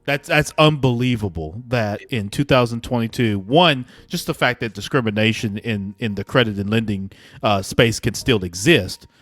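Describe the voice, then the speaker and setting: A man hosting a podcast interview, speaking in a halting way, searching for his words. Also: lowish voice, a bit bright, no echo, soft background music. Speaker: podcast host.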